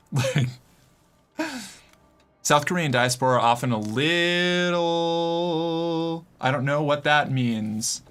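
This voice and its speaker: A man's voice: medium pitch, slow pace, long pauses, a bit bright. A man chatting casually on a live stream, loose and joking, swearing and laughing as he plays.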